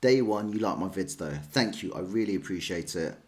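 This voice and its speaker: English male streamer, lower voice, sing-song delivery, rambling chat with viewers. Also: lively intonation, a little fast, a little mellow. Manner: chatty, rambling, self-deprecating. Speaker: chess streamer. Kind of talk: casual livestream chat answering viewers.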